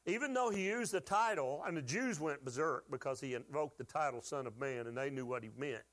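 Man, pastor, sermon, call-and-response, folksy humor, somewhat high voice. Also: fairly quick, a bit bright. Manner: call-and-response preaching, asks the church to answer; folksy, joking asides.

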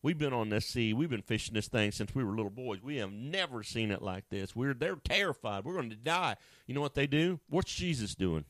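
Male pastor, lively swooping delivery, dry booming close-up sound, jokey asides. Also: brisk, few pauses, dry recording. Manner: animated, acts out voices with sudden high pitch jumps; conversational and joking, with asides to a co-host. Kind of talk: sermon.

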